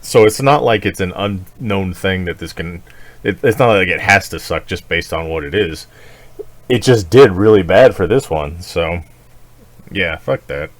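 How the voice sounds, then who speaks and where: Low-voiced and unhurried, a man co-hosts a podcast in casual conversation. His rants are profane and animated, with lots of cursing and laughter.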